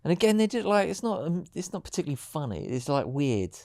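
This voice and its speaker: A man's voice: fairly high pitch, big pitch swings, quick pace, gravelly, darkish tone, dry recording, studio quality. A man co-hosting a podcast in chatty, rambling banter, swearing freely. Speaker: podcast co-host. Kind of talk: casual chat.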